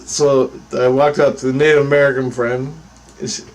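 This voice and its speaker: A man's voice: mid-range voice, flat delivery, moderate pace. A man casually telling a story, rambling with restarts, swearing freely and often breaking into laughter. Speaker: storyteller vlogger.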